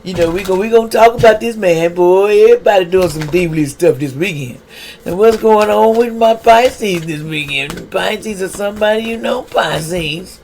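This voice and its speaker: A man with a high voice reads tarot cards in a casual, streetwise way. He keeps asking rhetorical questions and talks straight to the viewer. A faint hiss sits under his voice. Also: moderate pace, darkish tone. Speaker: tarot reader. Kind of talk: casual tarot card reading.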